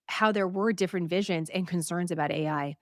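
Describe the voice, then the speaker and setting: Woman, news host, casual commentary, chatty, animated, dry close sound. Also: lowish voice, brisk, dry recording. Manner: chatty and animated, laughs and asks viewers questions.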